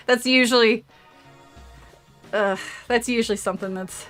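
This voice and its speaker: A woman's voice: on the high side, brisk, fairly bright tone, soft background music. A woman streamer chatting casually with her audience, rambling, trailing off into asides and laughing often. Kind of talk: casual livestream chat with audience.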